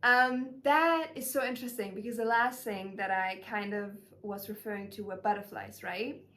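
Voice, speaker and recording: A young woman channeling spiritual messages in a casual, gushing vlog voice, full of fillers and warm emotion. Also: medium pitch, moderate pace.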